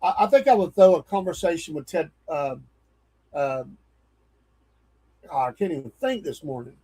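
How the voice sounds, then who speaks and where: A man's voice: a little high, lively intonation, moderate pace, dark tone, slightly rough. A man co-hosting a casual morning show, blunt and plain-spoken. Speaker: co-host.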